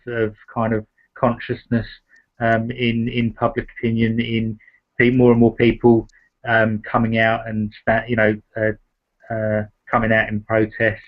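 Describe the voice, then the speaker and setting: A man hosting a discussion, talking in a halting way with many fillers and restarts. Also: lowish voice. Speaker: host. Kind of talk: casual discussion. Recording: dull lo-fi sound.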